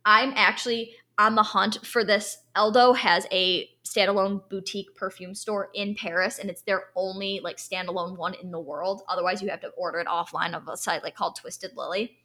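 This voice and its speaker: A bright, clear-toned young woman chatting casually as a podcast co-host. She talks with enthusiasm, drifting through fillers and asides. Her pitch sits in a middle range. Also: steady tone, moderate pace, hardly any pauses. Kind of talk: casual chat about perfume.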